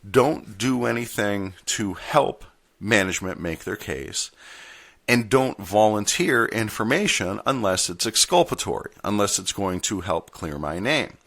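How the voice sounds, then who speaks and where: A man's voice: fairly low pitch, lively intonation, a little slow, gravelly, fairly bright tone. A man hosting a podcast, telling a story in a wry, candid manner and reading papers aloud as he goes. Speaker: podcast host and postal union steward. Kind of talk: storytelling monologue.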